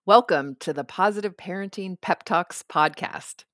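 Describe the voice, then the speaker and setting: A woman's voice: fairly low pitch, moderate pace, fairly bright tone, no room sound. A woman host giving a podcast introduction. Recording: dry, with music behind.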